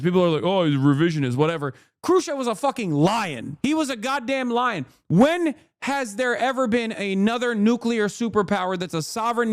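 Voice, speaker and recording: A male streamer rants at his chat in a raised, fairly high voice, swearing freely as he argues point after point. The sound is close and dry, with no room around him. He slips between loud tirades and quieter apologetic asides. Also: dry recording. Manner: profane, loud ranting, swings into apologetic asides. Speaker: live streamer and political commentator. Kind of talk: heated live-stream commentary to chat.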